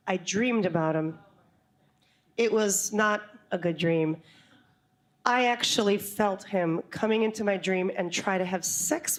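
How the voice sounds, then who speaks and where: A woman telling a true story live on stage to an audience, animated and quick to laugh, with comic asides. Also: mid-range voice.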